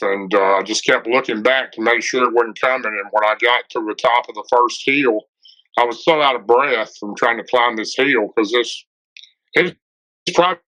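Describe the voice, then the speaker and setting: Bright-voiced Tennessee man telling a story. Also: mid-range voice. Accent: Southern US, Tennessee. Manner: rambling, lots of "and, uh" fillers. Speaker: guest telling an encounter story. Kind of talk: casual storytelling. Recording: dull lo-fi podcast audio.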